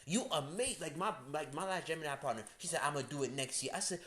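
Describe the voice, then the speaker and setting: A man's voice: on the high side, fast, fairly bright tone. A man, ranting bluntly and casually as an astrology host, swearing and using slang. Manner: blunt, profane, slangy, emphatic. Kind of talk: casual direct-to-camera rant.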